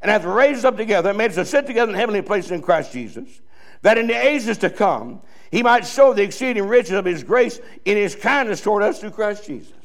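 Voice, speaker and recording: A man preaches a sermon in a folksy, joking way, chuckling and restarting his sentences. His voice sits high and carries a gravelly rasp. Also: expressive, a little fast. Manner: folksy, joking preaching with laughs and repeated starts. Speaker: pastor.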